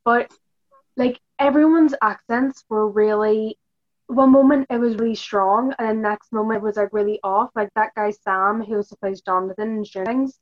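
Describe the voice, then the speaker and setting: A woman's voice: a little high, fairly even intonation, normal speed, lo-fi sound. A woman guest on a film podcast, blunt and sarcastic, chatting with lots of filler "like". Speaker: guest cosplayer. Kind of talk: casual film review chat.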